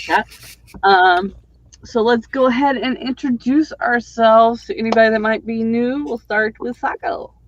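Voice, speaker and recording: An author hosting a writing livestream chats casually over a video call, rambling with lots of fillers. Her voice is fairly high, and the audio sounds dull.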